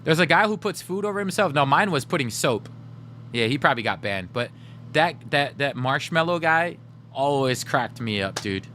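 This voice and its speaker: A man's voice: medium pitch, expressive, moderate pace, sharp tone, slight background noise. A man livestreaming, chatting casually with his viewers, addressing the chat directly and laughing often.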